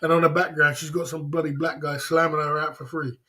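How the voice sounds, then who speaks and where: A man's voice: fairly high pitch, flat delivery, fairly quick, pushed and bright. A man hosting a livestream, rambling and teasing viewers with chuckles in casual banter. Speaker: livestream host.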